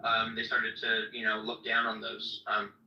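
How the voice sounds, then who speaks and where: A man's voice: on the low side, completely flat delivery, normal speed, gravelly, slight background noise. A man arguing in an online voice-chat debate, rambling with many fillers and restarts. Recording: roomy distant lo-fi audio.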